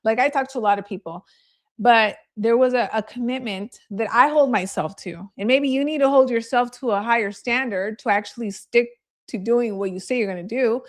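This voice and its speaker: Chatty woman sales trainer, higher voice. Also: normal speed. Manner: candid storytelling, chatty, laughs easily. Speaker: real estate agent and sales trainer. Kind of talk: live training session.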